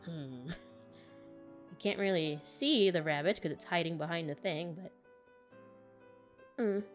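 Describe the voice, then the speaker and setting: A woman's voice: fairly low pitch, a little slow, long pauses, soft background music. A woman playing through a story game, chatting casually and reading its text aloud with frequent giggles. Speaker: gaming YouTuber. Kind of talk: game playthrough with read-aloud narration.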